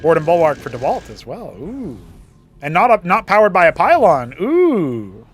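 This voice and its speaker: A man's voice: high voice, wildly swooping pitch, dull audio. A young man casting a strategy game match alone, chatty and playful, with laughing asides. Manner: chatty, laughs at own jokes, quick asides. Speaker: esports caster. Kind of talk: solo play-by-play commentary.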